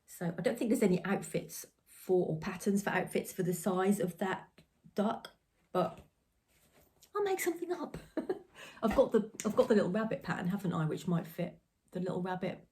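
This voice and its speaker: A woman's voice: fairly low pitch, moderate pace, mellow. A woman hosting a crafting podcast, chatting in a rambling, giggly way from her home. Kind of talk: casual chat.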